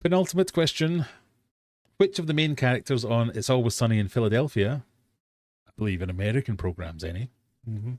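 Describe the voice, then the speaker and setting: A man's voice: medium pitch, animated, fairly quick, pauses often, a little mellow, no room sound, clean studio sound. British man hosting a chatty quiz. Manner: chatty, reads quiz questions, self-mocking dad jokes. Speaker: quiz host of a live stream. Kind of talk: casual live-stream quiz hosting. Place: home fish room.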